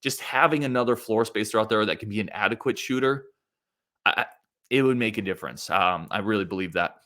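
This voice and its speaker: Brisk, with a lowish voice and fairly bright tone, this solo sports podcast host reads out listener comments. His talk is conversational and strongly opinionated, peppered with fillers and restarted sentences.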